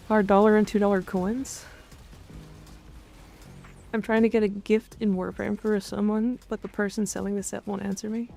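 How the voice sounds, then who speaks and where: A woman's voice: medium pitch, creaky, darkish tone. A woman from Canada streaming live, chatting casually and frankly with her chat, with some swearing and jokes. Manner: frank, profane, joking. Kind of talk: casual chat reading and answering chat.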